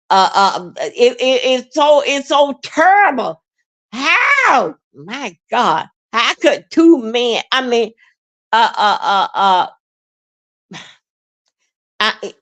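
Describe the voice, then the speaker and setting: A woman hosting a livestream, rambling in a halting, repetitive way with many fillers and plenty of emotion. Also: fairly high pitch. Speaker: livestream host. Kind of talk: rambling live-stream monologue.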